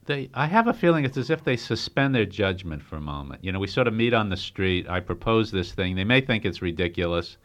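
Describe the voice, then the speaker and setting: Male interview guest, low voice, very lively pitch, animated and thoughtful. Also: brisk, few pauses. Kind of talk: casual interview.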